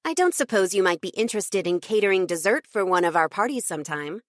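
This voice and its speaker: A woman's voice: medium pitch, expressive, quick pace, no echo, clean studio sound, close to an everyday voice. A woman narrator voicing a polished young female assistant who speaks in an arch, exasperated way.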